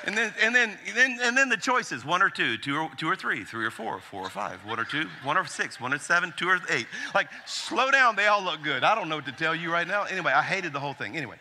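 A man in his forties, a pastor preaching a sermon from Alabama, telling stories with humor and animated asides. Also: on the high side, fast, few pauses, slight background noise. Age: 40s.

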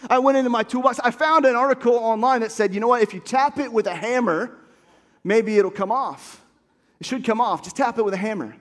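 A man with a very high voice delivers a sermon. He tells a story in a lively way and builds to shouted calls to his listeners. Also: brisk, in a large hall. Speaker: pastor.

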